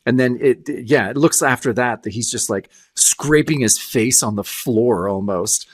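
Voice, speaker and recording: A man's voice: mid-range voice, unhurried, no echo, studio quality. A man co-hosting a podcast, chatting casually about comics and acting out lines from the panels. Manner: animated, acts out comic panel dialogue. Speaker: podcast co-host. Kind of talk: casual comic review chat.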